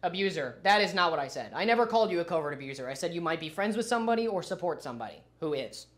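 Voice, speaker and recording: A man's voice: on the high side, animated, very fast, a bit bright. A man livestreaming his reaction to a video, arguing his point and answering his chat. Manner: argumentative, talks back to chat. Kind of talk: casual livestream commentary.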